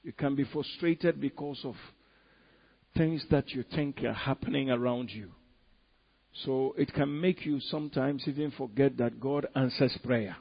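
Husky guy preaching slow, goes quiet then loud, dull lo-fi sound. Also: mid-range voice. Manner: swings from hushed pleading to loud emphatic bursts. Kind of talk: sermon.

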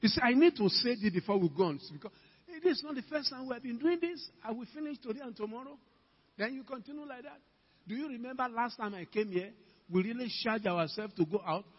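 A man with a Ghanaian English accent preaching a sermon, calling out to the congregation with emphatic questions and rising to shouts. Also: very high-pitched, animated, fast talker, husky. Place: church hall. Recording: dull, reverberant church hall recording.

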